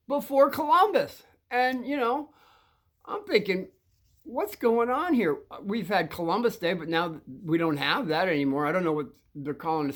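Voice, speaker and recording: A man in his sixties telling rambling stories to kids, restarting sentences often and chuckling between thoughts. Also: high-pitched. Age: 60s. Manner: meandering, with frequent restarts and chuckles. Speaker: show host talking to kids. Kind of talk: rambling anecdotal storytelling.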